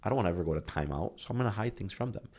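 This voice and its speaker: A man in his thirties, a motivational speaker appearing as a podcast guest, speaks very fast in a low voice. In this candid conversation he tells earnest, animated stories, acting out the quotes.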